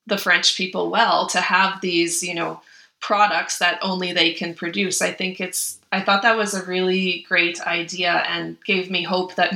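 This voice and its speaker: An earnest woman shares her enthusiasm in a book club chat. Her voice is bright and sharp, and it echoes around a roomy space. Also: lowish voice. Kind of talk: casual book discussion. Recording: echoey room.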